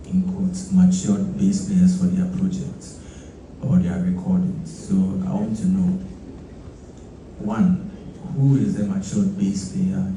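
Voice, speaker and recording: A man interviewing a musician, asking questions in a slow, deliberate way. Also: low voice, flat delivery, mellow, slight background noise. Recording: very echoey room, distant mic.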